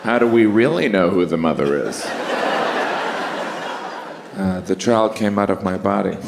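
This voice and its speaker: A middle-aged man performing stand-up comedy, deadpan, bursting into shrieking exaggerations. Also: sits low, measured pace, gravelly, long pauses. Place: large live comedy venue with audience laughter. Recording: echoey hall, noisy audience room.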